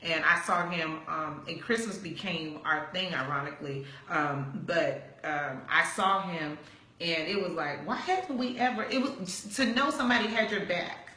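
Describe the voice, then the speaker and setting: A woman's voice: fairly low pitch, moderate pace. A woman in her forties, a pastor, telling her personal testimony in conversation and acting out the dialogue as she goes. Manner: animated storyteller acting out quoted dialogue. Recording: roomy echo.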